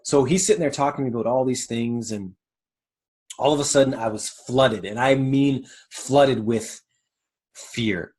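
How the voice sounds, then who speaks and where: Rambling, candid male podcast host. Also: medium pitch. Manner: candid and rambling, with swearing and self-corrections. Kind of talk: motivational monologue.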